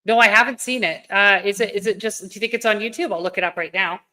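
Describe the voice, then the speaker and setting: A woman's voice: mid-range voice, fast talker, pushed and bright. A Canadian woman co-hosting a live stream, chatting casually, blunt and profane. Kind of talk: casual chat.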